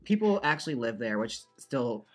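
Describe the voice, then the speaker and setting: A drag performer hosting a casual chat, playful and joking, laughing often. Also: female voice, rumbling low, big pitch swings, normal speed, soft background music. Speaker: drag performer, channel host.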